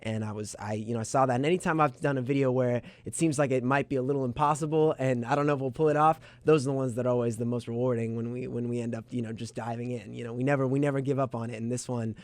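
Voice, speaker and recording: A young man in his twenties, guesting on a radio show and talking quickly. He tells a story with animated quotes. His voice sounds close and dry, recorded in a studio. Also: medium pitch, dry recording. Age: 20s. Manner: animated storyteller, quotes others in lively bursts. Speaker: singer-songwriter guest.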